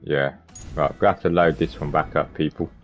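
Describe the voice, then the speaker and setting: Over soft background music, a very deep-voiced man offers steady, moderately paced commentary as he streams a game live. He rambles casually and calls out his viewers by name, and the lo-fi stream audio is a bit muffled.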